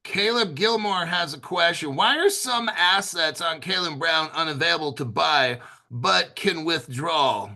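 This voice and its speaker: A man's voice: fairly high pitch, expressive, measured pace, gravelly, pushed and bright. A man hosting a casual livestream, rambling and joking as he reads out viewer questions. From United States. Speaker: livestream host.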